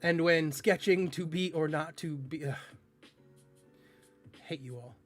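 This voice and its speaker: A male streamer with a voice a touch high for a man chats loosely with his viewers while gaming, speaking a little slowly. He teases his chat and stumbles over words he can't pronounce, with faint music playing quietly behind him.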